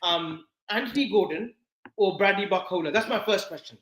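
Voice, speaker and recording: A man's voice: sits high, moderate pace, a bit bright, reverberant, poor audio. A man arguing football on a fan podcast, pressing his rival for a straight answer and repeating short phrases. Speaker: podcast panelist. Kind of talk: heated football debate.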